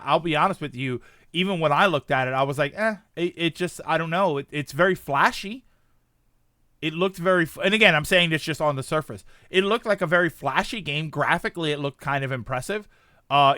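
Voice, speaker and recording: A man in his thirties talking casually on a stream, rambling and animated, reacting to chat. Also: a little high, dry recording, studio quality.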